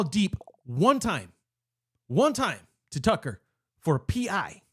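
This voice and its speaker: A young man with a slightly high voice goes off in a heated live-stream rant about his team. He rambles, trips over his own words and restarts sentences, sounding worked up all the way through. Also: huge pitch swings, slow pace, breathy edge. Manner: heated, rambling, self-interrupting. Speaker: sports fan channel host.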